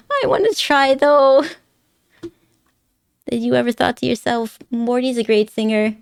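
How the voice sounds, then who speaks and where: A woman's voice: on the high side, measured pace, creaky, smooth, no echo, studio quality. A woman live streamer chatting casually with her viewers, rambling and giggly, laughing often and teasing her chat playfully.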